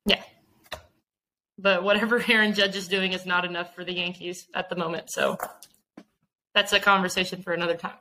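A woman co-hosting a podcast, upbeat and excitable as she chats about baseball. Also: on the low side, a little fast, pauses often, slight background noise, rough recording. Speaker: podcast co-host. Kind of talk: casual sports chat.

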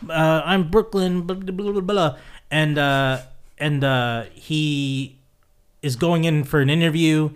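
A podcast host talks through a movie in a loose, casual way. His voice sits a little high, and he laughs easily and keeps slipping into put-on voices to replay the scenes. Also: slow pace, clean tone. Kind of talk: casual chat.

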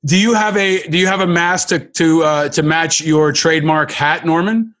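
Male podcast host, a touch high, effusive and halting, lots of restarts. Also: a bit bright. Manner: gushing, halting with many restarts. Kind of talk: effusive interview hosting.

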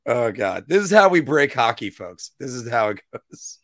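A man's voice: mid-range voice, sing-song, moderate pace, no echo, clean studio sound. A man co-hosting a casual hockey podcast, laughing at his own slips and mocking himself as he talks. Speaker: podcast co-host.

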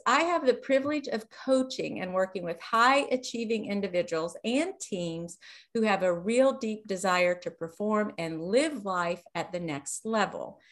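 A woman hosting a podcast over a video call, chatting enthusiastically with her guest and reading his bio aloud. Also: medium pitch. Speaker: podcast host. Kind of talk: casual interview chat.

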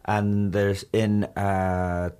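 A woman's voice: a bass voice, flat delivery, very slow, warm tone, clean tone. A middle-aged Irish woman and mother, chatting casually with many fillers and small hesitations. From Ireland. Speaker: parent in a casual conversation. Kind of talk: casual chat.

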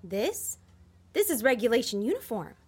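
A high, bright-voiced young elf girl, voiced by a woman, bursts with earnest eagerness in a family radio play. She takes everything literally and answers in a chirpy, breathless rush. Her voice sits well up in the register. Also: very animated, normal speed, husky. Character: eager naive young female elf, a housekeeping elf. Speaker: elf heroine.

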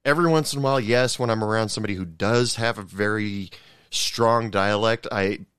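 A man from Oregon hosting a casual podcast conversation, talking haltingly with many fillers and restarts. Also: on the low side, fairly bright tone, clean tone, no echo, studio quality. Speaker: podcast host.

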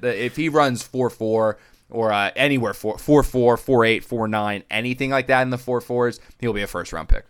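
A man's voice: fairly quick, clean tone. A young man chatting casually on a sports podcast, telling stories and acting out what others said with big jumps in his voice. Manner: animated storyteller, acts out quotes with big pitch jumps. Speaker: sports reporter and podcast guest.

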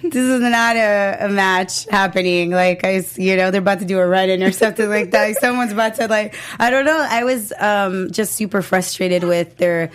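A woman's voice: medium pitch, brisk, hardly any pauses. A woman in her thirties, an interview guest and wrestler, chatting casually and telling stories with lots of fillers. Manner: chatty, animated storyteller, many fillers.

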